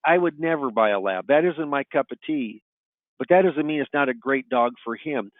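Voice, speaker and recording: A man's voice: medium pitch, lively intonation, moderate pace, no room sound. A middle-aged man coaching salespeople on a webinar, telling client stories in a folksy way and often asking "you know what?". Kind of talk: webinar talk with client anecdotes. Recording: tinny phone-line audio, dry.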